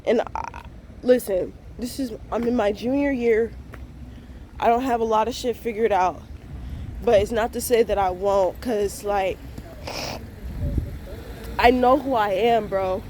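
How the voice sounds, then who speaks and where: A woman in her twenties vlogging a frank, profane morning rant to her viewers, full of slang and talking things through out loud. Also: fairly high pitch, a little slow, long pauses, slight background noise. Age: 20s. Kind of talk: casual morning rant to camera.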